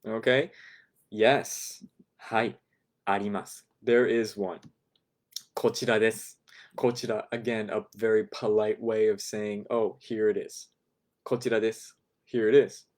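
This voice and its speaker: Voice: mid-range voice, flat delivery, unhurried, a little mellow. Chatty language teacher with laughing asides. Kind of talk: explaining a language lesson.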